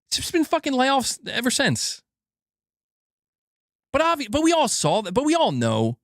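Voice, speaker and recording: Animated, profane young man ranting. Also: very high voice, normal speed, pauses often, no room sound, studio quality. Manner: animated, profane, laughs often, talks back to viewers. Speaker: gaming news commentator. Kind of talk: casual ranting commentary.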